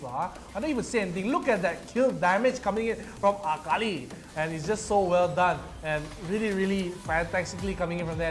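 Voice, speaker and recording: Excitable man with a style lilt. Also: high voice. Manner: excitable, teasing, laughs often. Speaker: esports caster. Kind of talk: live game commentary and banter. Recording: faint music behind.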